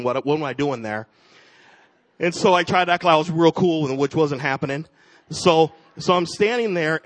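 Earnest man telling a church testimony. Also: mid-range voice. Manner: earnest storyteller, acts out the voices in his story. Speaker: ministry team director. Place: church sanctuary.

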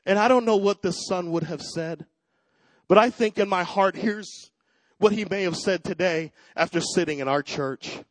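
High-voiced man preaching a sermon. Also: normal speed, no echo, low-quality recording. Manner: personal storytelling that swells into loud preaching. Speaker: pastor.

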